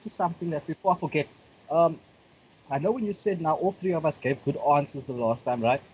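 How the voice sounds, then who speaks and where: A man's voice: fairly high pitch, brisk, darkish tone, dull audio, a little hiss or hum. A comedian guest bantering on a live stream, teasing the host and repeating his punchlines.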